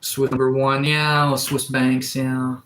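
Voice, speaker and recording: A man's voice: medium pitch, level tone, unhurried, a bit bright, rough recording. Man with a cold, from atlantic canada, livestreamer, casual chat replies, faint background noise. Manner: reads out and answers chat comments. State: has a cold. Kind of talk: casual live-chat stream. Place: sunroom.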